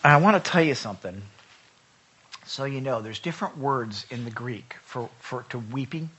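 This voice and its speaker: A man preaching a sermon in a conversational way, urging his listeners loudly one moment and reading scripture in a hushed voice the next. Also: medium pitch, lively intonation, normal speed, breathy edge. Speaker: pastor.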